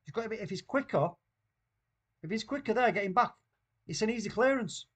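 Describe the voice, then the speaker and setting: A man with a Mancunian accent hosting a live football watchalong, reacting loudly and excitedly to the play. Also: high voice, a little fast. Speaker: watchalong host.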